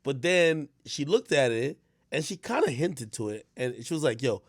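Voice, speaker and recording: A man streaming and rambling on in casual commentary, his pitch jumping all over as he goes from low mutters to loud bursts. He restarts his sentences often with stammered fillers. The sound is dry and close. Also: moderate pace, no room sound. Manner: rambling, animated, swings from low mutters to shouts. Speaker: streamer host.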